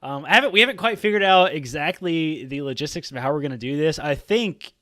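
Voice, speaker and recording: A man's voice: a little high, fairly quick, sharp tone, dry recording. A man from Georgia, US, co-hosting a podcast, talking casually and rambling with frequent laughs. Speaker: podcast co-host.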